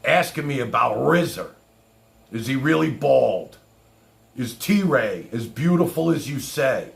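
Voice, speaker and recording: A man's voice: medium pitch, expressive, takes it slowly, gravelly. A man hosting his own livestream, talking casually in a boastful, rambling showman's way. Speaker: livestream host.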